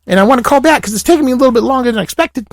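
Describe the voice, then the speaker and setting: A man voicing a raspy, burnt-out party guy who rambles with fillers and asides in a comic monologue. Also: very high voice, lively intonation, racing, no room sound, clean studio sound. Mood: rambling.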